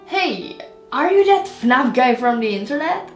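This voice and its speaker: Woman doing a shrill rude waiter. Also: sing-song, unhurried. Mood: eager. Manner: snappy, rude. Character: rude pushy young male waiter. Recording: roomy with faint music.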